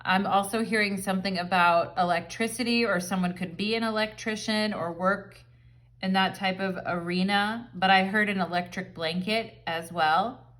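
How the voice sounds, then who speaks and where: A woman's voice: mid-range voice, fairly even intonation, moderate pace, fairly bright tone. A woman giving a casual pick-a-card tarot reading at home, chatting and rambling with lots of fillers. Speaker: tarot reader.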